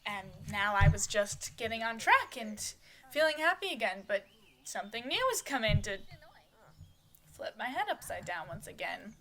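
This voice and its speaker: A woman voicing a frustrated grown woman in a life-sim soap opera, rambling as she vents, in a lightly acted, slightly gravelly voice. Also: medium pitch, sing-song, normal speed, fairly bright tone. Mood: venting. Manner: rambling and venting.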